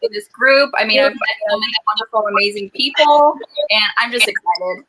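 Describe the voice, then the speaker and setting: A woman's voice: medium pitch, sharp tone, a little hiss or hum, rough recording. A woman co-hosting a book club live stream in casual chat, effusive and enthusiastic.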